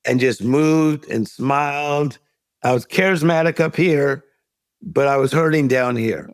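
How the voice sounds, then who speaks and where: A man's voice: a little high, unhurried, clean tone, no room sound. A middle-aged man, a life coach guest, telling a story in an interview and acting out the voices of the people in it. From United States.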